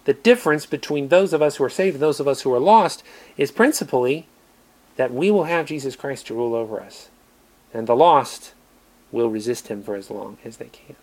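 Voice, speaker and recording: An American man preaching a sermon, earnest, moving between emphatic lines and quiet ones. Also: mid-range voice, expressive, fairly quick. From United States.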